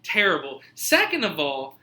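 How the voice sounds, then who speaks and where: A man's voice: on the high side, wildly swooping pitch, moderate pace, sharp tone. A male podcast host in casual chat, rambling through jokey stories and swearing freely. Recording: echoey room.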